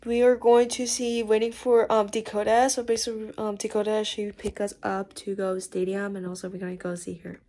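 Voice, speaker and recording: A young woman chatting excitedly in a casual vlog, rambling with lots of fillers. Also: medium pitch, brisk, hardly any pauses. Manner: excitable, rambling, frequent "so basically". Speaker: vlogger.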